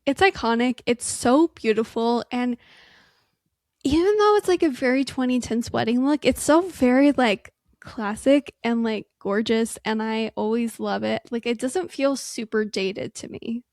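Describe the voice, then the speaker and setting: An enthusiastic young woman chats casually as a podcast co-host in a fairly high voice. The sound is dry and close, with no room around it. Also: a little slow, darkish tone, no echo. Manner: agreeable, enthusiastic, uses like often. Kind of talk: casual chat.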